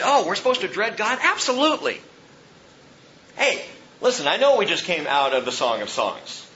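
Bright-voiced man preaching a sermon. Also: high voice, very animated, normal speed, a little hiss or hum. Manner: earnest, exhorting, self-deprecating with laughs. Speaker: pastor. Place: church sanctuary. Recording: dull lo-fi sermon recording.

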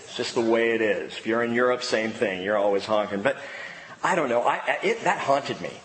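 A man's voice: mid-range voice, fairly quick, a bit bright. A man preaching a sermon, telling a personal story with self-mocking humor. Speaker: pastor. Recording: long reverb of a church hall.

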